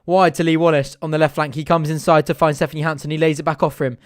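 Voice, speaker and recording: A young man hosting a live fan watch-along, giving chatty, partisan play-by-play that bursts into excited shouting at chances. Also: on the high side, fast talker, no room sound, studio quality.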